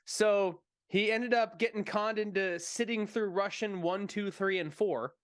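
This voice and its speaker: A man's voice: high voice, unhurried, no echo, studio quality. A man co-hosting a casual movie stream, retelling a funny story with acted-out quotes and frequent laughter. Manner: animated storyteller, acts out quotes, laughs often. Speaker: podcast co-host.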